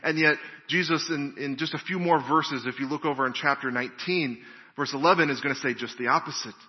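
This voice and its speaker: A male pastor preaching a sermon in an earnest, measured way, often restarting his phrases. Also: fairly high pitch, in a large hall, dull audio.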